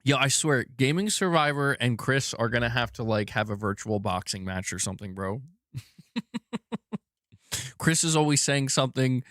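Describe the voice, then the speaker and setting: A man's voice: medium pitch, lively intonation, normal speed, fairly bright tone, dry recording, clean studio sound. A man hosting a casual livestream chat, rambling and correcting himself, laughing often. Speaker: streamer host.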